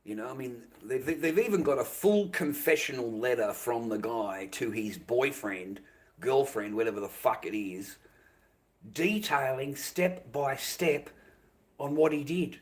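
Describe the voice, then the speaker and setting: Aussie bloke on a livestream going off, swearing every few words, says things twice, normal pitch voice. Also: male voice, expressive, measured pace. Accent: Australian. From Australia. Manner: angry, profane, repetitive ranting. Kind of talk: livestream rant.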